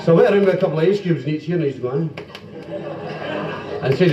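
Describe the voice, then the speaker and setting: A man's voice: fairly high pitch, quick pace, pauses often, warm tone. A Scottish man telling jokes and singing comic songs in live club comedy, with playful banter. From Scotland. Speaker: stand-up comic and singer. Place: police social club function room. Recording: dull roomy 1970s live club recording from a distance. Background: band music and laughing audience.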